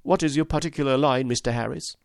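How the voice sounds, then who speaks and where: A man voicing a panicky male company manager who strains to stay polite, his voice climbing higher as he pleads. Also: fast, gravelly, dry recording, studio quality, lightly acted. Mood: strained. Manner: strained, pleading, voice rising high.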